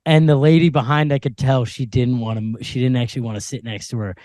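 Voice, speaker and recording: A man's voice: mid-range voice, fairly even intonation, quick pace, a little mellow, no echo, clean studio sound. A man co-hosting a comedy podcast, chatting casually in a laid-back way. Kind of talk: casual chat. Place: podcast studio.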